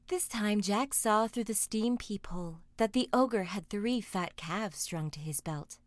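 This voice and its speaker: A woman reading a fairy tale aloud, expressive and dramatic. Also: mid-range voice, a little slow, hardly any pauses, no echo, studio quality. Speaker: storyteller. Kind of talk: storybook reading.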